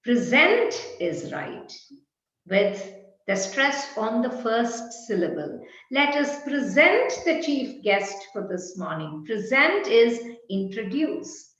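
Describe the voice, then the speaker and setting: A woman's voice: on the high side, very animated, slow pace, fairly bright tone. A woman leading an online workshop, explaining and repeating example phrases aloud. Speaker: workshop trainer. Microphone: video call. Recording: very echoey, dull video-call audio.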